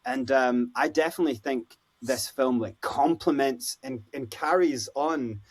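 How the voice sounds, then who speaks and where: A Scottish man, a podcast guest, telling stories in a casual, animated way and acting out the voices of people he quotes. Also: medium pitch, a little slow. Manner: animated, acts out quoted voices, lots of "you know, like". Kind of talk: casual storytelling interview.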